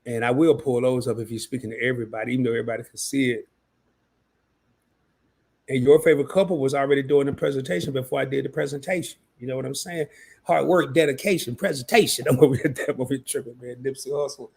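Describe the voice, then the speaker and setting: A man's voice: medium pitch, fairly even intonation, quick pace, gravelly, darkish tone, slightly rough. A man hosting a live stream, chatting loosely in slang and reading out viewer messages. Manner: loose slangy talk, reads out chat messages. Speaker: livestream host. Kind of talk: casual livestream chat.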